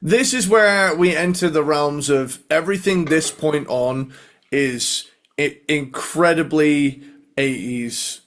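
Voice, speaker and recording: A man co-hosting a podcast, casually explaining his reasoning in a measured way with small restarts. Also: a little high, a bit bright, slight background noise. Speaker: podcast co-host. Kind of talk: casual chat.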